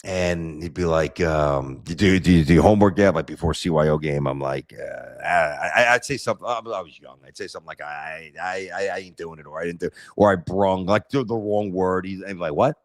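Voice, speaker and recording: A man's voice: low voice, moderate pace, hardly any pauses, no echo, studio quality. A middle-aged man with a New York accent, telling stories bluntly as a guest on a sports podcast, with stammered restarts. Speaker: sports radio host, guest. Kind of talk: casual podcast chat.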